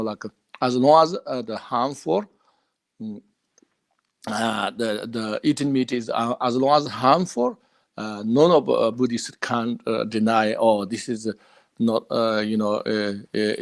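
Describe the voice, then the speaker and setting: A man from the Himalayan region giving a dharma talk as a Buddhist teacher, in halting non-native English full of hesitations and restarts, chuckling between points. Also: mid-range voice.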